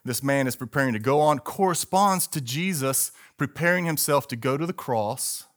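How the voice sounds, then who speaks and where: A man's voice: medium pitch, lively intonation, moderate pace. A middle-aged male pastor preaching a sermon emphatically, calling on the congregation to repeat words with him.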